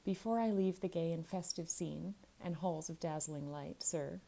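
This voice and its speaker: A woman's voice: on the low side, normal speed, gravelly, mellow, poor audio. A woman voicing a flowery, pompous young man making a long-winded speech, in a bedtime storybook reading.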